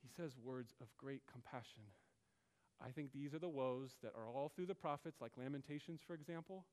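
A man's voice: medium pitch, normal speed, darkish tone. A man preaching a sermon as pastor, earnest, with rising and falling emphasis.

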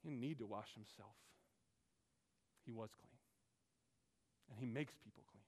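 A man's voice: fairly low pitch, unhurried, darkish tone. A man preaching a sermon as pastor, earnest, with rising and falling emphasis.

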